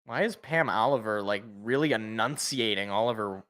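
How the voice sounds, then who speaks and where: Bright-voiced man calling a game as a fan. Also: on the low side, fairly quick, few pauses. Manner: rambling, self-correcting, joking asides. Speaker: fan podcast co-host. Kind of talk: fan play-by-play and reaction.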